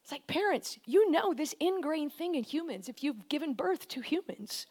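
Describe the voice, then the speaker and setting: A woman preaching a conversational, animated sermon, often shifting into quoted voices. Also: sits high, normal speed.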